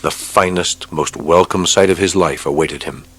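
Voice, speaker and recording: A man narrating an audiobook with a steady, measured reading. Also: low voice, slightly rough. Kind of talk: scripted narration.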